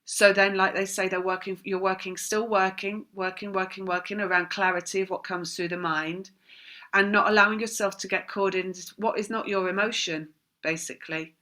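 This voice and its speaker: A woman talks through a spiritual tarot reading in a bright, clear voice. She wanders from thought to thought and repeats words in long chains. Now and then she laughs at herself and says sorry for the way she talks. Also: medium pitch, fairly even intonation, normal speed. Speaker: tarot reader.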